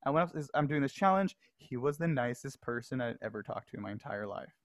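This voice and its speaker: Male podcast guest, animated storyteller, laughs often, dry close sound. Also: medium pitch, fast, no room sound. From Los Angeles. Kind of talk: casual storytelling.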